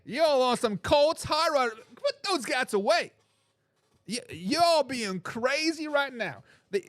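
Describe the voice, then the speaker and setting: A man hosting a casual live sports talk show, reading viewer comments aloud with a joking, animated manner and frequent laughs. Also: very high voice, dry recording.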